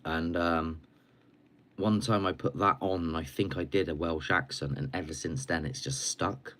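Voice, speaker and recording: Slightly hoarse, deep-voiced chatty man. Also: normal speed, fairly bright tone, slight background noise. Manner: rambling, chatty, sucking a cough sweet. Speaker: livestream host. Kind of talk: casual live stream chat.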